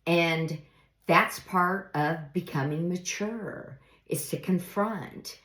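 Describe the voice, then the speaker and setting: A middle-aged woman talks through life advice at a slow, deliberate pace. Her voice sits low, and she sounds earnest and reflective as she sometimes acts out little example phrases. The recording has a noticeable room echo. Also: a bit bright. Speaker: speaker giving life advice. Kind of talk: reflective motivational monologue. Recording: echoey room.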